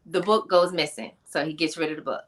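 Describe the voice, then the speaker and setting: A woman guest on a podcast, an author and speaker, telling her life story in an emphatic, animated, conversational way with slang asides. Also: low-pitched, a little fast. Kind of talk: personal storytelling in a podcast interview.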